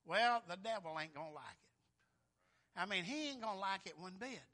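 A man preaching a sermon in a folksy, emphatic way, swinging between loud and soft. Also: high-pitched, animated, normal speed.

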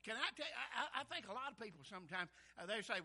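A fervent male preacher with a drawl, his voice pitched very high and sharp. He repeats words and swells loudly on scripture and calls to the congregation. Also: sing-song, fast, hardly any pauses, husky. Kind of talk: sermon.

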